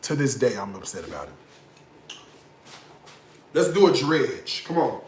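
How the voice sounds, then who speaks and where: A man's voice: mid-range voice, very animated, measured pace, reverberant, slight background noise. A man hosting a casual home cooking tutorial in his kitchen, sassy and profane, tipsy from liquor as he rants about bad food. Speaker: home cook, cooking show host.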